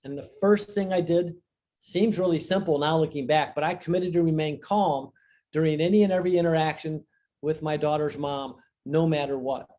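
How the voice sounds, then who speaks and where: An older man with a somewhat high-pitched voice tells a personal story on a video call. He speaks earnestly and reflectively and leans hard on key phrases. It sounds like an interview conversation. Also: steady tone, normal speed, dark tone. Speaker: guest, divorce author and coach.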